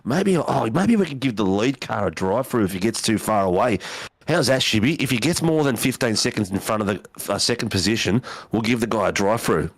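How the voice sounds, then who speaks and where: A man's voice: on the low side, lively intonation, fairly quick, no echo. A man hosting a sim racing stream, joking and teasing with lots of fillers. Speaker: sim racing broadcast host. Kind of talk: casual banter on a stream.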